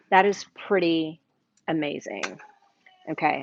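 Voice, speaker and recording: A middle-aged woman with a Southern US accent chats enthusiastically through a live cooking demo, talking to viewers as she works. Her voice sits at a middle pitch. The sound is dry and a little dull, like a livestream. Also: normal speed, no echo. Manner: chatty, enthusiastic, talks while eating. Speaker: cooking show host.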